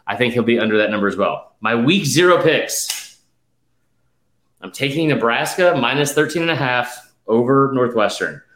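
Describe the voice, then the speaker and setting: A man's voice: mid-range voice, lively intonation, a bit bright, reverberant. A man hosting a casual sports betting chat, rattling off stats emphatically, slightly out of breath. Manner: rapid stat-heavy, emphatic, with fillers. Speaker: podcast host.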